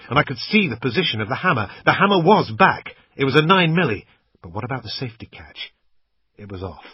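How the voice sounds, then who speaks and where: A man with a husky voice narrating a thriller in the first person, in a tense, gritty way. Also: medium pitch, bright, forceful tone, no room sound. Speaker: audiobook narrator. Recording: muffled lo-fi recording, dry.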